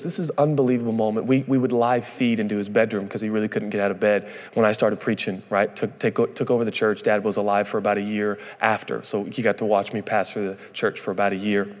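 Pastor in a reverberant hall. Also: male voice, lowish voice. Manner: candid, self-deprecating, quotes his father in a softened voice. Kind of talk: sermon storytelling.

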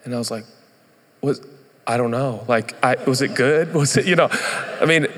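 A man's voice: mid-range voice, normal speed, fairly bright tone, long reverb tail. A man in his thirties, a pastor, telling a candid, self-deprecating story in a sermon.

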